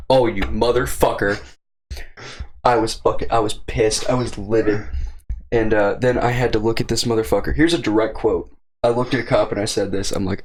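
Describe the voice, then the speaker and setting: A young man co-hosting a podcast, telling a story in a casual, profane and animated way. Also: lowish voice, normal speed. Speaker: podcast co-host.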